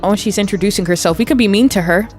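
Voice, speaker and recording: A woman's voice: medium pitch, quick pace, darkish tone, faint music behind. Chatty woman narrating her gameplay. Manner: chatty, amused, narrates characters' actions. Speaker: gameplay video creator. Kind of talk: casual life-sim gameplay commentary.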